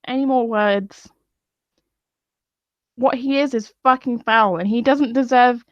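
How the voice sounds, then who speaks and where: A woman's voice: a little high, no echo. A woman venting in a profane, scornful live-stream rant. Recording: dull lo-fi dry sound.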